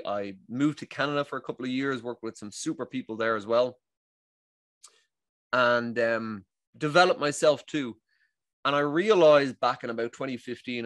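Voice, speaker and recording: Irish guy talking breathwork, animated, acts out the quotes, dry close sound. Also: mid-range voice, no room sound. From Ireland. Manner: animated, acts out quoted dialogue, frequent restarts. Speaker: guest, breath coach. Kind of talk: casual interview storytelling.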